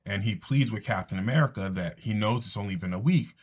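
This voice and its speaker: A man with a lowish voice talks through a comic story in a relaxed, earnest way. He adds his own thoughts as he goes. The recording sounds dull and lo-fi. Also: fairly quick, breathy edge. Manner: earnest retelling with asides. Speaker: comics commentator. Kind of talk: casual comic recap narration.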